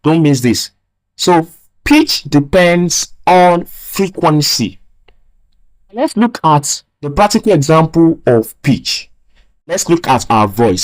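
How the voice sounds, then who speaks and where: A male physics teacher giving a recorded video lecture. He talks slowly and emphatically, repeats key phrases, and often asks rhetorical "what?" questions. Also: a little high, big pitch swings, low-quality recording. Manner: slow, emphatic stress on key words.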